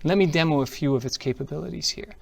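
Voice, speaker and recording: Speaking quickly in a gravelly voice on the high side, a man runs a product demo at a tech conference. Upbeat throughout, he narrates each step as he shows it.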